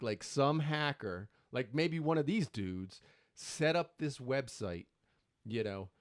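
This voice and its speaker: A middle-aged man hosts his own show and tells a story with building excitement. He keeps acting out his own past reactions in quotes. His voice is mid-pitched, and the sound is close and dry. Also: no echo. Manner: animated, breathless retelling full of quoted exclamations. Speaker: show host.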